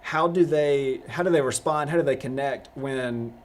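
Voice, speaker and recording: A man's voice: mid-range voice, normal speed. A young man hosting a live youth discussion, casual and rambling, with many restarts. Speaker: youth pastor host.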